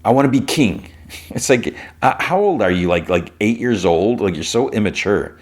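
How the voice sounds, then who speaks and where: A man with a deep, low voice hosts a podcast, casually recapping an episode scene by scene. He rambles, stacking "like" and restarting his sentences. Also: animated, normal speed. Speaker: podcast host.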